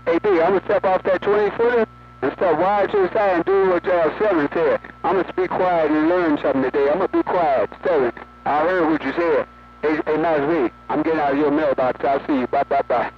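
A man's voice: a little high, fairly quick. A talkative man chatting on the air in a folksy, repetitive way, one radio operator to others. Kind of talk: casual on-air radio chat. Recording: dull lo-fi radio with loud static.

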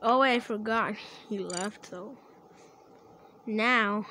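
Excitable young-sounding gamer girl, noisy recording. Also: a little high, slow pace. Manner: excitable, laughs and shouts at game events. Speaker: gaming channel creator. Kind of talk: casual gameplay commentary.

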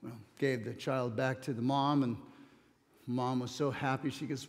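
A man's voice: mid-range voice, steady tone, moderate pace. A male pastor reading scripture and preaching a sermon, telling stories with light humor. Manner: plain storytelling with light humor. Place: church sanctuary. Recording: long hall reverb.

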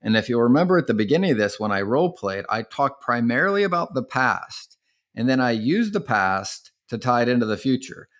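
A man's voice: medium pitch, big pitch swings, brisk. A man co-hosting a podcast and coaching sales calls in casual chat, often tagging points with a rhetorical question. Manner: coaching, rhetorical "right?" tags.

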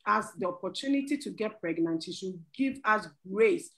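A woman's voice: medium pitch, expressive, normal speed, a bit bright, low-quality recording. A middle-aged woman, sharing a testimony on a church talk show and earnestly pleading with listeners, often breaking into laughter. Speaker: panel guest.

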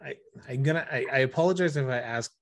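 A man hosting a podcast, asking earnest, halting interview questions. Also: mid-range voice. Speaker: podcast host.

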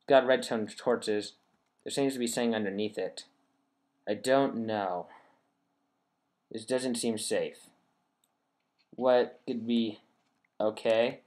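A man hosts a casual game commentary, chatting with his viewers as he plays. He thinks aloud in a rambling, easygoing way, and his voice sits at a middle pitch. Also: darkish tone. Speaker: gaming channel host.

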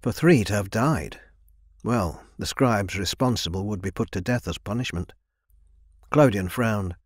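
A man narrating a young adult fantasy audiobook in an even, measured reading. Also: lowish voice, husky, dry recording, clean studio sound. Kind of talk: scripted narration.

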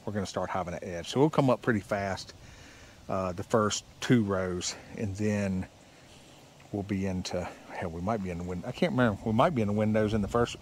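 A man's voice: mid-range voice, slight background noise. A middle-aged man casually narrating his construction project, plain-spoken and explaining each step as he goes. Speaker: builder and channel host.

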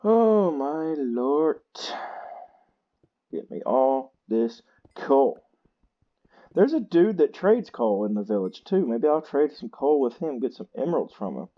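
A tired man, chatting slowly and poking fun at himself while he plays a game. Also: medium pitch, big pitch swings, slightly rough, highs cut off. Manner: slow, chatty and self-mocking. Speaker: gaming channel host. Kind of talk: casual gameplay commentary.

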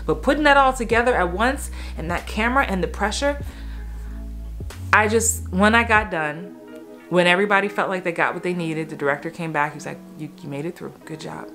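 A woman in her thirties, an actor and acting coach, telling a personal story in a candid, emotional way with quick asides and restarts. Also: fairly low pitch, fairly bright tone.

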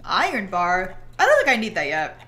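A young woman livestreaming, chatting casually while she plays a game, rambling and animated with lots of "like" and quick bursts of laughter. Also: medium pitch. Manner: chatty and rambling, heavy use of "like"; animated storyteller who breaks into laughter. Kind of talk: casual chat while gaming.

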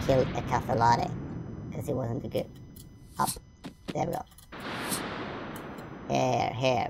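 A woman's voice: rumbling low, vocal fry, noisy background. A woman playing through a video game, chatting playfully with herself, humming and making up nonsense words as she goes. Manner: silly, sing-song, makes up nonsense words. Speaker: gameplay commentator. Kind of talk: playful gameplay commentary.

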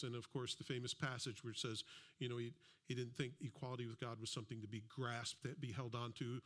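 A man preaching a sermon in a casual, conversational way, reading scripture slowly and acting out little everyday exchanges. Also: medium pitch, flat delivery, fairly bright tone. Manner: conversational, plays out little imagined dialogues; slows down to read scripture aloud. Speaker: pastor.

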